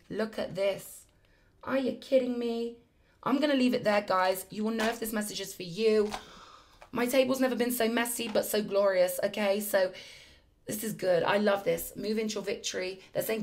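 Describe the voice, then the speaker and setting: A woman talks her viewers through a spiritual tarot reading. She sounds effusive and emphatic, with a chatty, mid-pitched voice that keeps pressing each point home. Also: fairly even intonation, moderate pace. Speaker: tarot reader.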